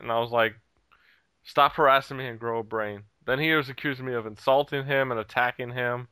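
A man's voice: mid-range voice, normal speed, long pauses, fairly bright tone, clear, resonant tone, no echo. A man telling a heated story in casual chat, swearing freely and laughing at himself along the way. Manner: heated, profane, laughs at his own story.

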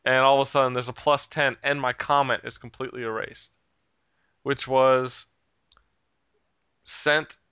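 A man's voice: medium pitch, bright, forceful tone, clean tone, no echo. A man telling a heated story in casual chat, swearing freely and laughing at himself along the way. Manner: heated, profane, laughs at his own story.

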